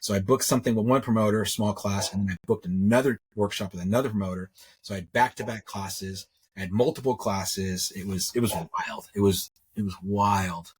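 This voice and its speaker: A man's voice: on the low side, husky. A middle-aged man, a jewelry maker, telling his story in a rambling, casual way, repeating words and acting out what others said. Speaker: interview guest, metalsmith.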